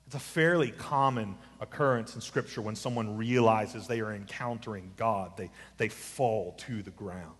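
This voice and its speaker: A man preaching an expository sermon, swinging from quiet asides to emphatic lines, mixing in casual remarks. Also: lowish voice, moderate pace, hardly any pauses, big-room sound. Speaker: pastor.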